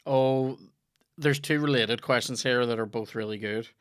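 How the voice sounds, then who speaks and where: A man's voice: mid-range voice, normal speed, clear, resonant tone. A man with a Northern Irish accent hosting a casual comedy podcast, telling rambling, sweary anecdotes. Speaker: podcast host.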